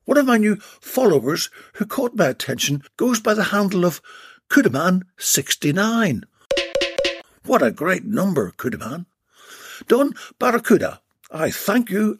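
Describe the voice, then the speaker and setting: A man hosts a comedy podcast, reading listener comments aloud with cheeky, mock-dramatic asides. His voice is quite husky and swings widely in pitch, set a little high. The recording is close and dry. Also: very animated, measured pace, dry recording. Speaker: podcast host. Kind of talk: comic podcast monologue reading listener posts.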